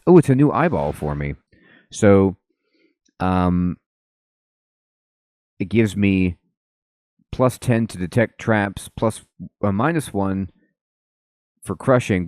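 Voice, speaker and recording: Deep-voiced man mumbling through a game. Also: animated, slow, pauses often, a little mellow, no room sound. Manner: mumbling, offhand, with many ums. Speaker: let's play host. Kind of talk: casual gameplay commentary.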